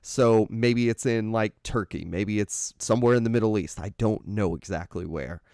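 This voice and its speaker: A man's voice: lowish voice, moderate pace, a little mellow, no echo. Guy chatting about movies, wanders around while recapping, dry close sound. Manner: meandering, thinking aloud while retelling a plot. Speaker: podcast co-host. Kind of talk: casual chat about films.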